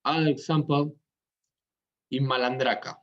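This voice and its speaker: Man teaching tango music, halting delivery. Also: mid-range voice, fairly even intonation. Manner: sings rhythms out loud with syllables; halting, searching for words. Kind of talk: explanatory music lesson. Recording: dull lo-fi sound.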